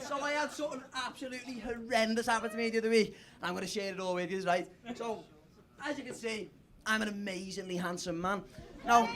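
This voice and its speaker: A man's voice: very high-pitched, fairly bright tone. A young man with a Liverpool accent doing stand-up, telling a crude, self-mocking story and laughing through his lines. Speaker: stand-up comedian. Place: comedy club stage. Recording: live club with crowd.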